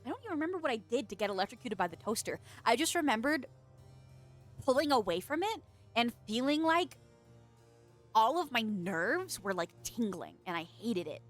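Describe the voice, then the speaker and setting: A woman's voice: a little high, big pitch swings, moderate pace, soft background music. A woman chatting casually on a live stream, reading chat, laughing often, swearing and teasing, with a stuffy nose, close to a desk microphone.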